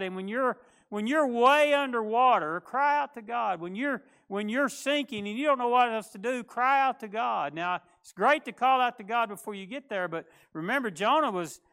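High-voiced man preaching folksy. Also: fairly bright tone, clean tone. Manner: folksy, conversational preaching with restarts. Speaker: pastor. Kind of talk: sermon.

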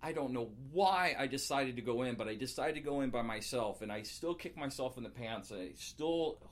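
Earnest man recounting with halting restarts. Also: medium pitch, lively intonation. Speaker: guest, former police officer. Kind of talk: personal storytelling.

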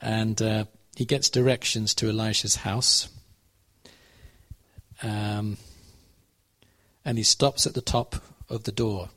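A man's voice: fairly low pitch, level tone, slow pace, long pauses, fairly bright tone. A man preaching a conversational sermon, telling a Bible story and checking in with his listeners. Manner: conversational, asks the audience questions.

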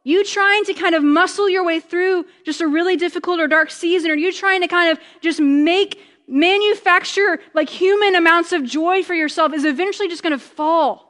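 A woman preaching a conversational sermon, chatty and joking, slowing down for emphasis. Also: very high-pitched, a bit bright, long reverb tail.

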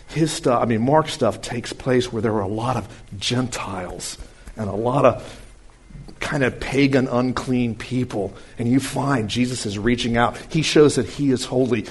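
A man giving a conversational sermon-style Bible lesson, folksy and animated, who swings between brisk asides and slow, quiet emphasis. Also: mid-range voice, breathy edge. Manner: folksy, animated, uses homespun comparisons. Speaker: Bible teacher.

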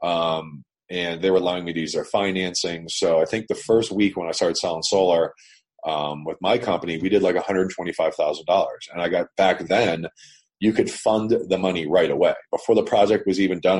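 This interview guest is a business owner from Canada whose voice sits low, with a darkish tone and a breathy edge, and he talks fairly quickly. Speaking over a remote internet call, he shares his story in casual, blunt, emphatic terms, swearing as he goes.

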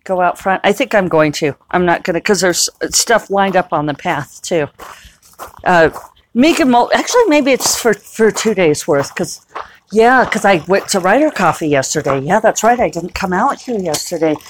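A woman's voice: on the low side, lively intonation, moderate pace, slight background noise. A middle-aged woman hosting a podcast, rambling casually and laughing at herself as she moves from her kitchen to outdoors. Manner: chatty, self-amused, laughs often. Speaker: podcast host. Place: home kitchen, then outdoors.

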